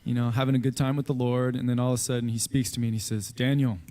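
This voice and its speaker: A man's voice: mid-range voice, in a large hall. A man telling a light, joking story at a memorial before he sings a song he wrote. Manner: relaxed, joking, brisk. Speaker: memorial speaker and singer.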